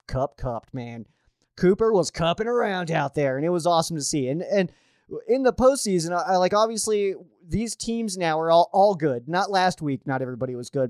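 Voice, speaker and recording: Male sports show host, home setup, slightly high pitch, dry sound, rambling chatty delivery. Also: darkish tone, dry recording. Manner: chatty, restarts often, uses fillers. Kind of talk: casual sports commentary.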